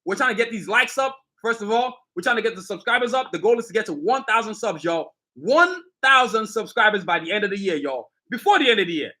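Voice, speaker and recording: A middle-aged man hosts a casual live stream, showing off his sneakers and hyping them to viewers. His voice sits high and sounds bright. He talks with swagger and loose street slang. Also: animated, fast talker, hardly any pauses. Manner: hyped, boastful street slang, addresses viewers directly. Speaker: sneaker designer and channel host.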